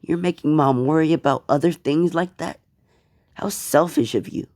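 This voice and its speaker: A man's voice: a little high, moderate pace, a little mellow, no echo, clean studio sound, pitched above the performer's own voice, close to an everyday voice. A snide teenage sister, voiced by a man. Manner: snide, accusing.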